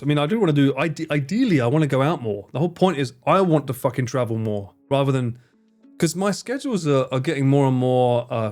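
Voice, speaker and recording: A young man chats casually on a live stream and answers his viewers. He swears freely and acts out what his friends said in higher voices. Faint music plays behind him. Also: darkish tone.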